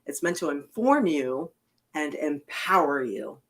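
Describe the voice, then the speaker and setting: A woman hosts a political podcast in a low-pitched, sing-song voice, speaking a little slowly. She talks bluntly and emphatically, swearing freely in casual chat.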